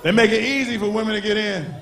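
Animated high-voiced male stand-up comic. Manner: animated, acts out characters in quick voices. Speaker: stand-up comedian. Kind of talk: stand-up comedy routine. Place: comedy club stage before a live audience. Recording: live show with crowd laughter and faint noise.

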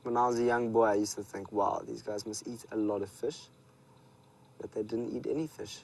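Low-voiced South African safari guide. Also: male voice, normal speed, creaky, slight background noise, rough recording. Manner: relaxed storytelling, speaks to viewers. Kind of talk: live wildlife commentary. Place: outdoors in the bush.

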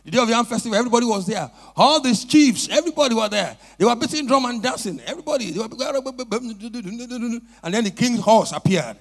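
A male pastor preaches with striking animation. His voice sits very high and leaps all over the place as he spins a story and calls for responses from the congregation. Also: animated, a little fast, few pauses. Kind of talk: sermon. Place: church.

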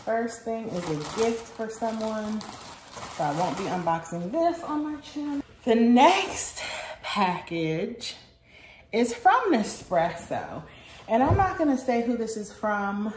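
A woman beauty vlogger chatting casually while unboxing, gushing and excitable. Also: on the high side, slow. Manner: gushing and excitable, many "oh my gosh"s. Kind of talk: casual vlog chat. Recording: echoey room with faint noise.

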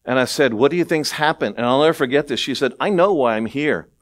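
A middle-aged male pastor preaching a sermon, conversational, with asides and rhetorical questions, swinging from low murmurs to excited raised passages. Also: fast.

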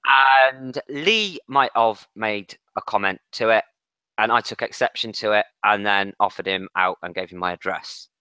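A man's voice: on the low side, normal speed, sharp tone, clean tone, no echo. A man co-hosting a late-night football podcast, blunt and sweary, often restarting his sentences. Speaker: podcast co-host. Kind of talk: casual late-night chat.

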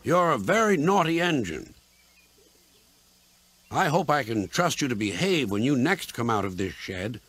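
A man's voice: mid-range voice, big pitch swings, a little slow, pauses often, fairly bright tone, slightly rough, voice pushed up, full character voice. A man voicing a stern older male railway boss who scolds firmly.

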